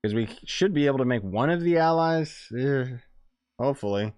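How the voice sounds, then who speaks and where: Rambling, excitable male game streamer. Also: mid-range voice, normal speed, clear, resonant tone, dry recording. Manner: excitable, rambling, chats with viewers while playing. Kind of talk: casual live-stream chat.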